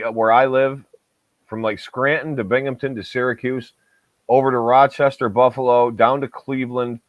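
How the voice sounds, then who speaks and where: A man's voice: medium pitch, dry recording. Casual co-host, man, upstate New York accent, rambling chat, dull dry lo-fi recording. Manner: rambling, self-interrupting. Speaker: podcast co-host.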